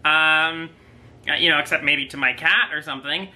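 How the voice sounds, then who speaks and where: A young adult man telling stories at length in a casual couple's quiz chat, full of drawn-out asides. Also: a little high, bright, forceful tone, rough recording. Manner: rambling storyteller, drawn-out asides. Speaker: husband co-host.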